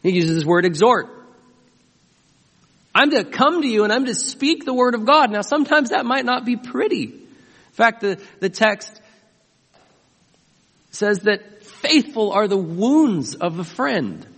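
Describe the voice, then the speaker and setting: A man's voice: high-pitched, animated, measured pace, pauses often, a bit bright, in a large hall. A man preaching a sermon as pastor, emphatic and often asking his listeners questions. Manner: emphatic, asks the congregation questions.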